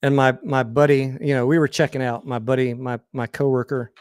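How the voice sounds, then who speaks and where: This American livestream host speaks in a mid-range voice with little pitch movement, a bit fast and smooth. He rambles through crude personal stories in a candid, casual way, frequently starting over, captured in clean studio sound with no echo.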